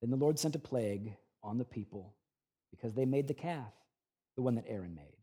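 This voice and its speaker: Husky, brisk, and animated, the pastor preaches an expository sermon. He moves from subdued, low reflection to urgent, raised emphasis and recasts scripture conversationally.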